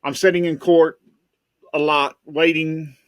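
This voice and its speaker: A man's voice: a little high, flat delivery, unhurried, dry recording, studio quality. A man, a private investigator, telling stories on a podcast in a rambling casual way, often repeating words as he goes.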